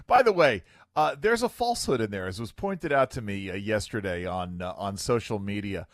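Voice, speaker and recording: A man hosting talk radio, his pitch swinging widely as he riffs on clips with a wry edge. The studio sound is dry and close. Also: normal speed, no echo. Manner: wry, animated, filler-heavy. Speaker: radio talk show host. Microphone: studio microphone.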